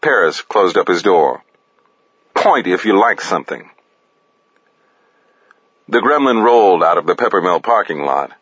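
Dry, unhurried male audiobook narrator with a low voice. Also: lively intonation, fairly bright tone, breathy edge, no echo. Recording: dull, dry close recording.

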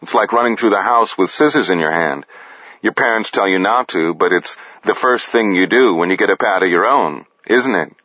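Deadpan low-voiced male narrator. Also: normal speed, no echo. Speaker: audiobook narrator. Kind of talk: gritty first-person and third-person narration. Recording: dull lo-fi dry recording.

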